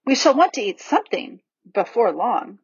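A woman's voice: fairly high pitch, big pitch swings, moderate pace, breathy edge, dry recording, voice pushed up, heavily acted. A woman voicing Susan, a sensible older schoolgirl with a lifted, pleading voice, in a dull, dry recording.

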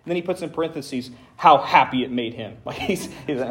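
A man's voice: medium pitch, brisk. A man preaching a conversational sermon as pastor, with dry humor and dramatic emphasis when reading scripture.

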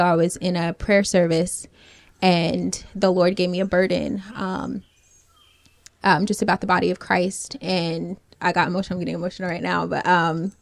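A woman co-hosting a faith podcast, talking in an earnest, reflective way with many pauses. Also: lowish voice, no room sound. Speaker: podcast co-host. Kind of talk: casual chat about prayer.

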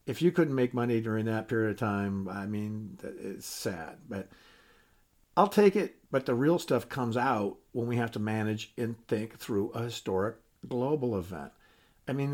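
A man's voice: on the low side, normal speed, darkish tone. Retired man hosting a folksy podcast. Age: older. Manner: folksy, candid, self-deprecating, with frequent restarts. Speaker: podcast host. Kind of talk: casual podcast monologue.

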